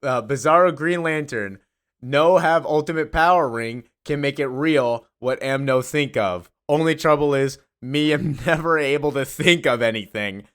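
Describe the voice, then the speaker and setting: A dim-witted Bizarro hero, put on by a man with a raised, booming voice. He mangles his grammar into backwards, broken phrases and boasts with blunt confidence. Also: moderate pace, clear, resonant tone, close to an everyday voice. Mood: boastful. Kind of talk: comic recap acting out quotes.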